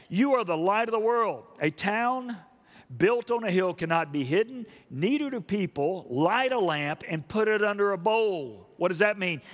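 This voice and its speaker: A man preaching a sermon emphatically, asking the congregation questions and building up to loud repeated stresses. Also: sits high. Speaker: pastor. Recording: long reverb of a large hall.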